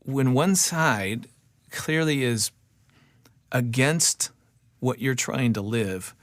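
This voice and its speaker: A middle-aged man hosting a faith podcast interview, asking measured, reflective questions. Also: mid-range voice, no echo, clean studio sound. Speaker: podcast host.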